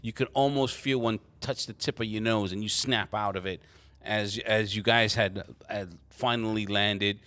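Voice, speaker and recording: Halting, low-voiced man as game master. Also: steady tone, a bit bright, dry recording. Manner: halting, lots of restarts and fillers. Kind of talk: narrating a tabletop game.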